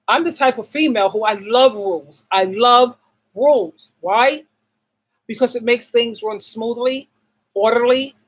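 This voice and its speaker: Her pitch runs fairly high and the audio quality is poor. Speaking casually and bluntly to camera, this middle-aged relationship advice host is emphatic, asks herself rhetorical questions, answers them, and leans on repeated words for emphasis.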